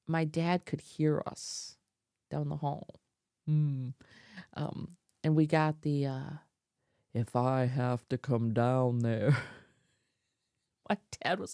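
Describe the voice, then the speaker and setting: A woman's voice: fairly low pitch, creaky, mellow, dry recording. A woman telling a personal story to her vlog audience in a chatty, laughing way, full of fillers, on a close mic. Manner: chatty, filler-heavy, laughing as she tells it. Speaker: vlogger. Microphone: desk mic close up.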